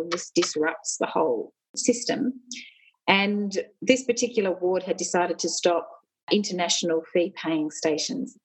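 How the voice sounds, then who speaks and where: A woman's voice: lowish voice, husky, poor audio. A middle-aged woman, a union leader and former nurse, telling personal stories candidly and with animation in an interview.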